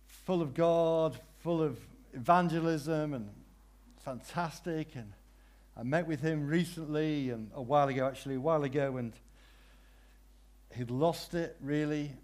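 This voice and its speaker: A man delivers a sermon in a slightly raised voice. He shifts from soft, prayerful murmurs to loud, emphatic cries and repeats key questions with drawn-out phrasing. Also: fairly high pitch. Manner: dramatic swings between hushed prayer and loud cries. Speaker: preacher.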